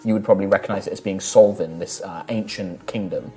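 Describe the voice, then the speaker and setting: A man's voice: deep voice, fast talker, a little mellow, soft background music. A man narrating as game master for a tabletop game, describing scenes in a loose, rambling way with many fillers and restarts.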